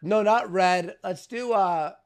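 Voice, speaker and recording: A man co-hosting a comedy podcast, exasperated and shouting objections at his co-host. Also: sits high, takes it slowly, clean tone. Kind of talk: casual comedy podcast banter.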